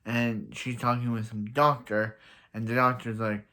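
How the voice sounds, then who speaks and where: A man's voice: fairly low pitch, steady tone, moderate pace, sharp tone. A man casually recapping and reviewing a TV episode, rambling with many fillers, restarts and the odd laugh. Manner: laughs at own jokes. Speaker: show reviewer.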